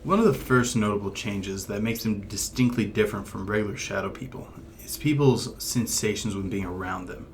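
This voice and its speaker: A man co-hosting a paranormal discussion show, explaining things in a measured, thoughtful way. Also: on the low side, slight background noise. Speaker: paranormal podcast co-host. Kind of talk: casual discussion.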